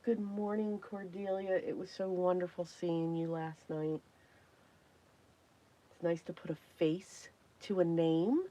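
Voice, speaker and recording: A woman hosting a casual crafting livestream, chatty and greeting viewers by name, her voice hoarse and worn from talking, often clearing her throat. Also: on the low side, flat delivery, measured pace, dark tone. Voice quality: frequent throat clearing and coughs.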